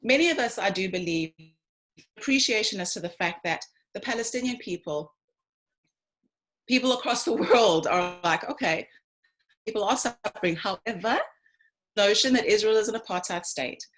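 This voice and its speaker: A woman's voice: medium pitch, moderate pace, rough recording. A woman giving a talk, speaking emphatically and addressing her listeners directly. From South Africa. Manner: emphatic, lively, addresses listeners as ladies and gents. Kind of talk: lecture to an online audience.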